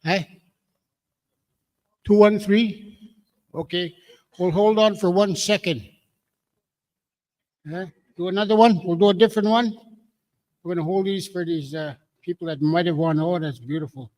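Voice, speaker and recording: A man emceeing a community meeting, calling out draw numbers slowly with jokes. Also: high voice, darkish tone. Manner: jokey, drawn-out number calling.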